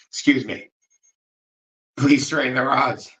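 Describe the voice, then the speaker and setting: A man running a ghost-hunting session with dowsing rods, making slow, polite requests with long pauses and turning soft-spoken when emotional. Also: mid-range voice, fairly even intonation, rough recording. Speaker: ghost hunter. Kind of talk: dowsing-rod spirit session.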